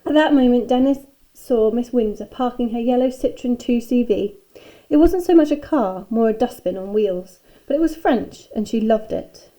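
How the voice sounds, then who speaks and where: Woman with a mellow, soft voice reading aloud. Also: on the high side, moderate pace, poor audio. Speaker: school staff reader. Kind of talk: reading a children's book aloud.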